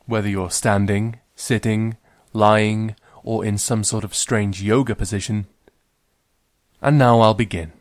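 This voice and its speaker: A man's voice: fairly low pitch, dry recording, clean studio sound. A man, hosting as a librarian storyteller and reading a short story aloud with wry humour. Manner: wry, gently humorous.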